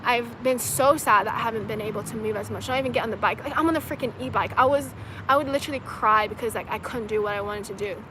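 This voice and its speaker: A woman's voice: on the high side, fast, background noise. A young woman from China hosting a casual livestream outdoors, chatting loosely with lots of "like" and "you know" and laughing often. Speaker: livestream host answering viewer comments. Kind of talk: casual chat.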